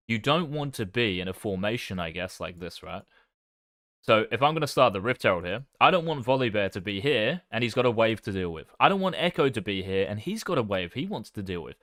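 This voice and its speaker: A man talks through his own gameplay in a casual coaching tone, tossing in swear words and jokes at his own expense. His voice sits on the lower side, recorded close and dry with no room sound. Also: very animated, brisk, a bit bright, no room sound. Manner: swears casually, self-deprecating. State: talking with his mouth full.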